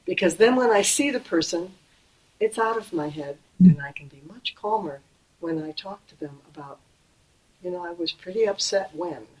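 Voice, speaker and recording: A middle-aged woman giving a Buddhist dharma talk in a gentle, conversational way, slowing and softening on key phrases. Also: on the low side, rough recording. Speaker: Buddhist teacher.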